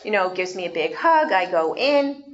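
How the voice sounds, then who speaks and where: A woman giving an animated storytelling talk, asking her audience questions as she goes. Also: mid-range voice, normal speed, highs cut off. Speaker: speaker.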